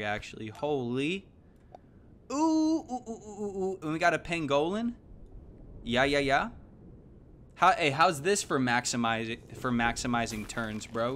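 A man's voice: mid-range voice, slight background noise. A young man streaming a video game, chatting casually, rambling and swearing, mumbling one moment and yelping the next. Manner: rambling and profane, swings from mumbles to excited yelps. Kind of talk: casual gaming stream chat.

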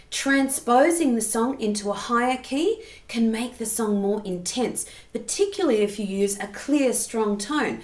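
A woman's voice: on the high side, echoey room. A woman giving a singing lesson, explaining step by step and breaking into sung examples. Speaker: singing teacher.

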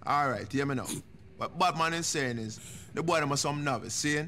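An actor playing a calm, easygoing Jamaican dealer man in a video game. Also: a little high, a little fast, slight background noise. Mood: explaining.

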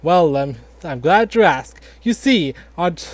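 A man voicing a grandfatherly animatronic fox who tells a satirical history lesson in a halting, filler-heavy ramble. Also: a little high, animated, dry recording. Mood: rambling. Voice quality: halting, filler-heavy, lots of likes and restarts. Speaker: storyteller grandfather. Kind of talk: casual satirical storytelling.

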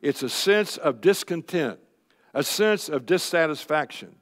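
An older man delivers a sermon at a luncheon in a folksy, emphatic style, pressing his listeners with rhetorical questions. His voice sits a little high. The recording carries the long reverb of a large hall. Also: expressive, measured pace. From Texas. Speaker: Christian speaker at a men's luncheon.

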